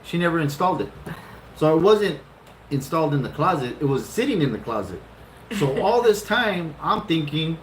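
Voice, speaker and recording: A middle-aged man casually telling a long, funny story, swearing freely and jumping up in pitch for retold lines. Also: normal speed, a little hiss or hum. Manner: animated, profane, laughing often, jumps into high-pitched retellings. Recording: roomy echo.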